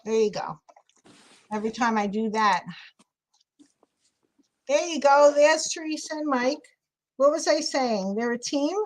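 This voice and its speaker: A woman's voice: high-pitched, a little slow, long pauses, low-quality recording. A woman with a New York City accent hosting a live craft stream, chatting and thinking aloud as she works. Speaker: craft livestream host. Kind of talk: casual live crafting chat.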